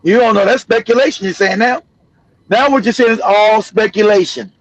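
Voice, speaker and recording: A man's voice: high voice, normal speed, no echo, muffled recording. A middle-aged man hosting a casual live stream, blunt and emphatic, repeating himself and laughing often. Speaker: show host.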